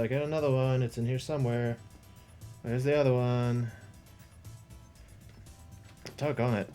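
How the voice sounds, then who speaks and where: A man's voice: medium pitch, unhurried, long pauses, a little mellow. A man hosting a live stream while he paints a model, thinking aloud, rambling and chuckling to himself as he talks to his viewers. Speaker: livestream host painting a model. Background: faint background music.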